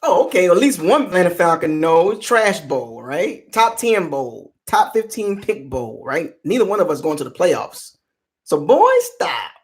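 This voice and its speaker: A man's voice: high voice, very animated, normal speed, few pauses. A man hosting a football fan channel, chatting casually on a live stream and teasing fans in the chat. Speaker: sports channel host.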